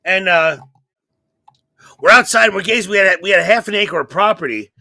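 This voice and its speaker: A man hosting a comedy podcast, telling a long story in an animated, profane way and acting out the people in it. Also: sits high, a little fast, gravelly, dry recording. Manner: animated, profane, acts out voices.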